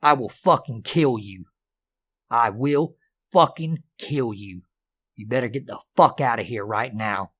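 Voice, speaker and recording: A hot-tempered, gruff father, as a man voices him, snapping out curses and threats. His voice stays close to the storyteller's own, only a little raised. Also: medium pitch, a little slow, fairly bright tone. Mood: menacing.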